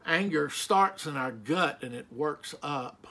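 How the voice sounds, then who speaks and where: A middle-aged male pastor preaching a sermon, slow and emphatic, asking the listeners rhetorical questions. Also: on the high side, expressive, pushed and bright, breathy edge.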